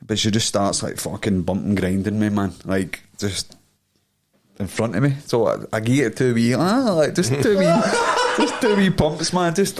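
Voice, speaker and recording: A man's voice: lowish voice, animated, moderate pace, slight background noise. A Scottish man co-hosting a podcast, telling a crude story in casual chat and laughing often. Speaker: podcast co-host.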